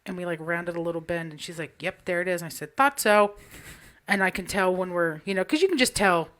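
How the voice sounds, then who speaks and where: A woman's voice: lowish voice, quick pace. Chatty woman telling a story. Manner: animated storytelling, frequent swearing. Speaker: podcast co-host. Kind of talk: casual chat.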